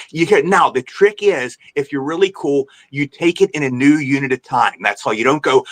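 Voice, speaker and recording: A man as a podcast guest, telling an animated, rambling anecdote in a storytelling way and repeating himself. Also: on the high side, fast.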